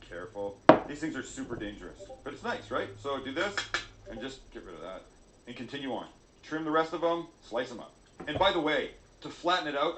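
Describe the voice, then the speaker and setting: A man's voice: mid-range voice, background noise. Man, cooking-show host, joking as he works, roomy echoey sound. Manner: jokey, self-mocking, chatty. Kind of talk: cooking demonstration video.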